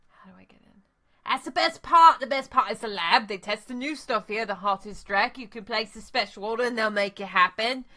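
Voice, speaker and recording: A woman's voice: fairly high pitch, fairly quick, bright, forceful tone. A woman voicing a pushy male street dealer in a video game, with a vaguely Australian twang. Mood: salesy.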